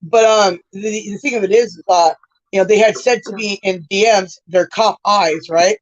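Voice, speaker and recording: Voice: mid-range voice, moderate pace, dry recording. Profane rambling livestream host, muffled. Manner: rambling, profane, tags lines with "right?". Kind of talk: casual livestream chat. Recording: dull lo-fi stream audio.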